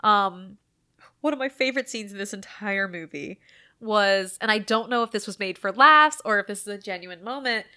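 A woman's voice: mid-range voice, moderate pace, bright, forceful tone. A woman co-hosting a casual movie podcast, reviewing a horror film, laughing often and acting out scenes with a bit of swearing. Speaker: podcast co-host.

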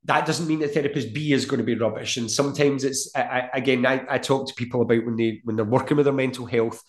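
A middle-aged man talking as a guest in a casual podcast chat, earnest and full of homely comparisons. His voice sits at an ordinary pitch for a man. The room around him rings with echo. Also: steady tone, quick pace. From Scotland. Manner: earnest, storytelling, uses everyday comparisons. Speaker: guest, mental health practitioner. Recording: echoey room.

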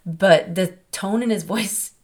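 A woman's voice: mid-range voice, slow pace. A woman hosting a podcast, speaking candidly and from the heart in a personal monologue, with a rambling, conversational flow. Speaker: podcast host.

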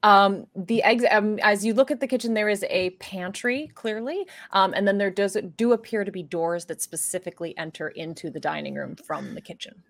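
A woman's voice: mid-range voice, moderate pace, vocal fry, hardly any pauses. A woman running a tabletop horror game as game master, describing scenes with plenty of fillers.

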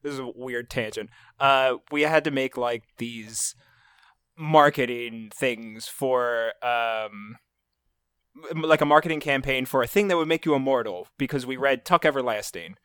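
A man's voice: mid-range voice, unhurried, a bit bright, clear, resonant tone, no room sound, studio quality. A man chatting casually on a podcast, rambling with stumbles and restarts.

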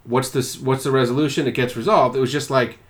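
A man of middle pitch co-hosts a casual podcast. He recaps plots in a loose, rambling, animated way, with restarts and cheerful swearing throughout. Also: a little fast. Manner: rambling, profane, animated retelling. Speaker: podcast co-host. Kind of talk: casual chat about a TV series.

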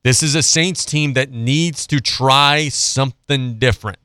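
A man's voice: medium pitch, a little slow, sharp tone, smooth, no echo, clean studio sound. A man hosting a sports radio show, ranting bluntly and sarcastically about a football team before reading out betting picks. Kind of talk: opinionated sports talk monologue.

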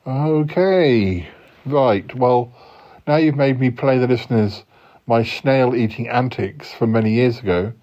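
A man putting on a gruff yeti uncle. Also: measured pace, darkish tone, dull audio, lightly acted. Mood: rambling. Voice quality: gruff, low and manly. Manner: waffly, full of fillers and restarts.

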